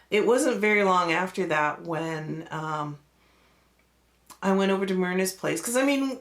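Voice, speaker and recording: A woman pastor telling a personal story in a relaxed way, with lots of fillers and acted-out quoted voices. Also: lowish voice.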